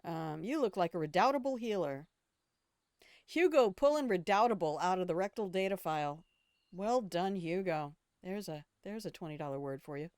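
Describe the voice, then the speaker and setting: A woman's voice: fairly low pitch, expressive, brisk, a little mellow, smooth, no echo, studio quality. An older woman hosting a game stream, chatting casually and wryly, reading dialogue aloud and riffing on it. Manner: chatty, wry, reads dialogue aloud and riffs on it. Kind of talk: casual gameplay commentary.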